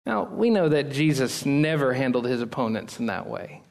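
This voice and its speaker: A man preaching a sermon in church as pastor, opening in prayer and speaking earnestly, building to emphatic peaks and dropping low and slow at phrase ends. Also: lively intonation, gravelly, a little mellow.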